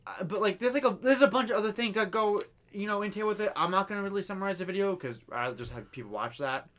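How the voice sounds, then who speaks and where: A young man co-hosting a casual podcast, talking in a halting way with many fillers and restarts. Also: high voice, fairly bright tone. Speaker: podcast co-host. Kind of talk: casual chat.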